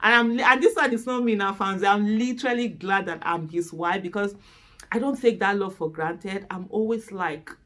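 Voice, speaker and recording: A woman with a Nigerian accent chatting candidly to the camera as host, openly emotional and laughing loudly. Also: medium pitch, normal speed.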